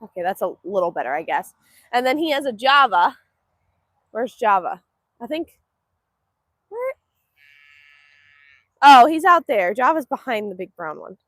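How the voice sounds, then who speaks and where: A woman's voice: fairly high pitch, sing-song, a little slow, pauses often, a bit bright, no room sound. A woman from Northeast Texas, hosting a casual livestream from an outdoor cow pen. She chats affectionately, answers viewer comments and coos to the animals in a sing-song baby voice. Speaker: livestream host.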